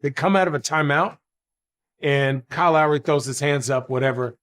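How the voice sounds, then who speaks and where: A man telling a vivid story from a playoff game, rattling off plays quickly. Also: on the high side, fairly bright tone. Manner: quick, vivid play-by-play retelling.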